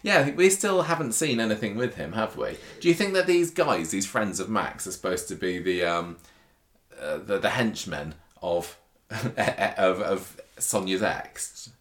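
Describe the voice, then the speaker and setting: Low-voiced man co-hosting a casual podcast, chatty and rambling. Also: expressive, unhurried, fairly bright tone. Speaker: podcast co-host. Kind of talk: casual chat, reading listener feedback.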